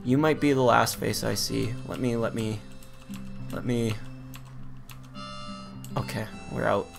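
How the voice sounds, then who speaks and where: A man's voice: mid-range voice, steady tone, slow pace, vocal fry. A man giving joking, playful commentary while playing a video game. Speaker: gamer. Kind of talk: let's play commentary. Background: game music.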